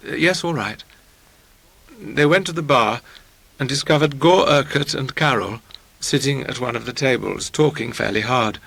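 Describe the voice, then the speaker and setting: Male audiobook narrator, gravelly, bright tone, dry close studio sound. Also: medium pitch, moderate pace, no room sound, low-quality recording. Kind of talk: scripted narration of a novel.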